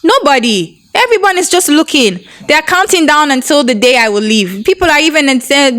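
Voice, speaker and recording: A woman's voice: high-pitched, animated, fairly quick, hardly any pauses, fairly bright tone. A woman in her thirties from Jamaica, giving an emotional interview account and repeating phrases for emphasis. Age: 30s. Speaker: interview guest.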